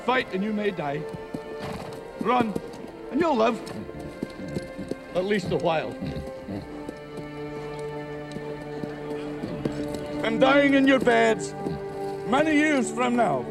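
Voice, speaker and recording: An actor playing a defiant Scottish rebel leader rallying an army with a commanding film speech over orchestral music. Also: male voice, very high voice, expressive, takes it slowly, vocal fry, long pauses, heavily acted. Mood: stern. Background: film score, horses.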